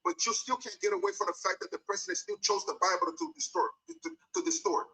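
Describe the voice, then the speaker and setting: A man's voice: high-pitched, sing-song, fast, bright, forceful tone, poor audio. A man arguing insistently in a heated debate, repeating himself and talking over the other speaker.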